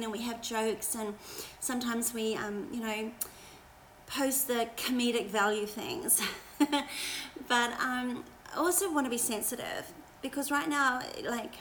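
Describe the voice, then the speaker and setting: A woman's voice: a little high, a bit bright, a little hiss or hum, rough recording. A woman pastor giving a casual, encouraging devotional talk on a livestream, chatty, with many fillers.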